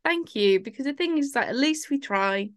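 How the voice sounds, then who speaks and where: A woman co-hosting a podcast, rambling through stories and poking fun at herself. Her voice sits a little high, and the room is dry and close. She talks in a loose, chatty way. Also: animated, normal speed, no echo. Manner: chatty, rambling, self-mocking. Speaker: podcast co-host. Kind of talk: casual chat.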